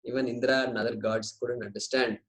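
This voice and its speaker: A man's voice: medium pitch, level tone, fairly quick, fairly bright tone, lightly acted, rough recording. A man voicing a god of death who coaxes and bargains, offering riches. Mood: coaxing.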